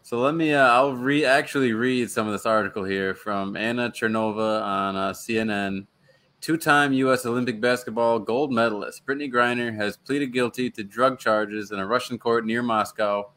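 A man's voice: mid-range voice, fairly bright tone. A man in his thirties co-hosting a casual sports podcast, joking dryly and reading news articles aloud. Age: 30s. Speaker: podcast co-host.

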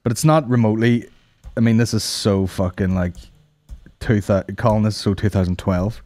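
A man's voice: on the low side, moderate pace, a little mellow, dry recording. A man hosting a comedy podcast, ranting casually with plenty of swearing and laughing at his own jokes. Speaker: podcast host.

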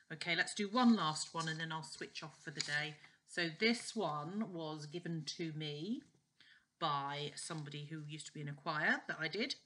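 A woman leading voice exercises at home, chatty and demonstrating tongue twisters slowly with leaps up in pitch. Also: sharp tone. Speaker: voice exercise coach. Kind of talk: casual home video lesson.

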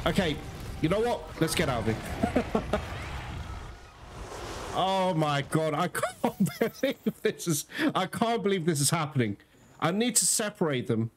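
Male gameplay commentator, high animated voice, excitable and profane, addresses viewers directly. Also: breathy edge. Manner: excitable, swears often, talks to viewers as guys. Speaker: gaming YouTuber. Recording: loud game music behind the voice. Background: loud game music.

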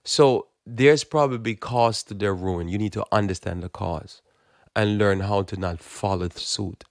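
A man's voice: fairly low pitch, measured pace, no echo, clean studio sound. A man giving a blunt, emphatic, informal sermon, often repeating words as he builds his point. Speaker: Christian preacher. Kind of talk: informal preaching monologue.

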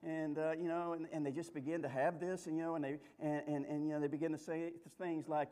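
A man's voice: on the high side, fast, few pauses, background noise. A male pastor preaching a sermon, telling a story in a folksy, humorous way with lots of restarts.

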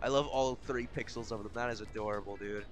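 A young man streaming a game, rambling in casual commentary, swearing often and swinging between exasperation and giddy excitement. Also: lowish voice, quick pace, faint music behind.

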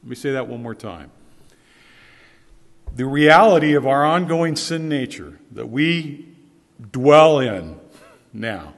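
A man's voice: medium pitch, lively intonation, slow pace, pauses often. A man preaching a sermon as pastor, earnest and emphatic, repeating his key phrases for weight. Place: church sanctuary. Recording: long church reverb.

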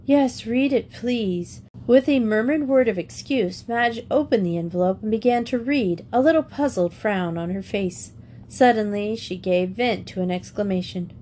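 A woman reading a classic children's novel aloud in a steady, clear storytelling manner. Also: medium pitch, normal speed, slight background noise. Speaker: audiobook reader.

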